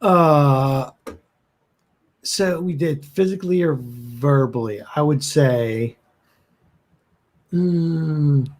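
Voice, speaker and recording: A man's voice: a little high, drawn-out words, pauses often, a little mellow. A man playing a tabletop horror game, describing what his character does. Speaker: player.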